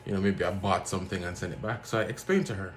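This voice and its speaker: Low-pitched man, casual storytelling, animated, faint background hiss. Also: fast. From Jamaica. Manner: animated, acts out other people's lines in a raised voice. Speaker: vlogger.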